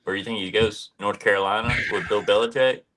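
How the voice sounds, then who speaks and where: A man with a very low voice offers short, easygoing comments on a sports podcast. He keeps things relaxed and conversational. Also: fast, a little hiss or hum. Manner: brief, laid-back comments. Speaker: podcast co-host. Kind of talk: casual sports podcast chat.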